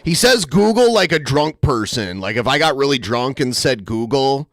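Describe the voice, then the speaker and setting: Lively teasing male stream host. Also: mid-range voice, normal speed, dry recording, studio quality. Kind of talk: casual livestream chat.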